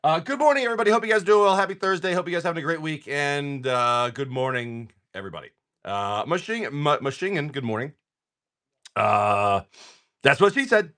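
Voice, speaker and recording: A man's voice: on the high side, expressive, fairly quick, pushed and bright. A man hosting a live card-selling stream, chatting casually and telling a rambling, joking story. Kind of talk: casual chat.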